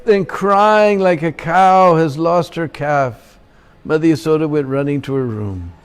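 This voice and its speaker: A man's voice: fairly high pitch, a little slow, clean tone. A man preaching in a temple, telling a sacred story and checking in with his listeners. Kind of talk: sermon storytelling.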